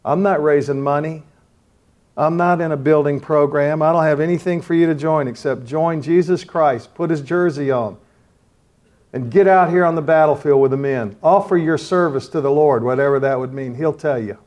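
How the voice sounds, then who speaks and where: An older man preaching to a men's gathering and leading fervent prayer, swinging from loud appeals to hushed pleading. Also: on the high side, moderate pace. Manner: impassioned, pleading, swells loud then drops to hushed.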